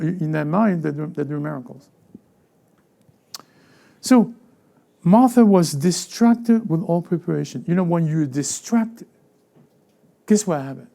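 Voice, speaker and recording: A male pastor delivers a conversational sermon in a raised, gravelly voice with a dark, mellow tone. He stumbles and restarts often, repeating words as he goes. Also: high-pitched, lively intonation. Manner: halting, with frequent stammered restarts and repeated words; conversational preaching, acting out everyday voices. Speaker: lead pastor.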